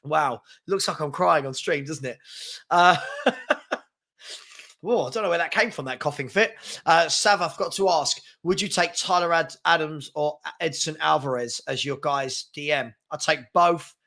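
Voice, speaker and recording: A man's voice: on the high side, moderate pace, vocal fry, pushed and bright. A man hosting a live football fan stream, chatting loosely and reading out viewer comments, with plenty of fillers and restarts. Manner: rambling, with fillers and repeated words. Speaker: fan channel host.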